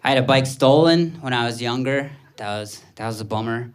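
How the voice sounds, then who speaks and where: A man in his thirties doing stand-up comedy, telling self-deprecating stories in an anxious, animated way. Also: medium pitch, fairly quick.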